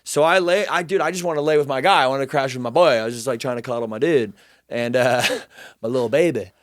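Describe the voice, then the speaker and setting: A young man telling a story in a casual chat, animated, profane and self-deprecating. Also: mid-range voice, fast, no echo, studio quality.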